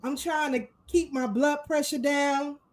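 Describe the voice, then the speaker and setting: A woman hosting a casual live talk show, animated and fired up, greeting her viewers with shout-outs. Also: high-pitched, a little slow, rough recording. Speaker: host.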